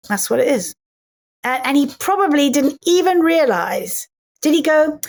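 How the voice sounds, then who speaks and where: A middle-aged actress, a woman, chatting as an interview guest and telling animated stories full of acted-out lines. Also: high-pitched, moderate pace, vocal fry. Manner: animated storyteller who acts out voices in quotes. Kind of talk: casual interview chat.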